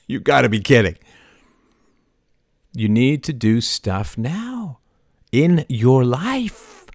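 A middle-aged man hosting a live show, talking passionately and swinging from soft asides to loud, emphatic outbursts. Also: mid-range voice, sing-song, slow, gravelly, pauses often, no echo, clean studio sound. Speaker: show host. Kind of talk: impassioned live-stream monologue.

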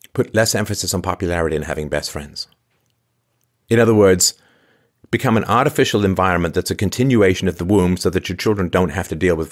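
Sarcasm runs through this podcast host's commentary rant, delivered in a low, deep male voice. He keeps asking incredulous rhetorical questions and frequently lets out weary sighs.

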